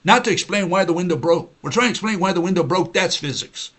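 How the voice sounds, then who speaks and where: Guy on a livestream lecture going on and on, kinda high voice, lots of uh and you know, mocks the other side. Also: lively intonation, quick pace, a bit bright. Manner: argumentative, repetitive, with frequent "you know" and "uh" fillers; mocking, mimics opponents in quoted voices. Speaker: host of a science-skeptic livestream. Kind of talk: rambling lecture monologue.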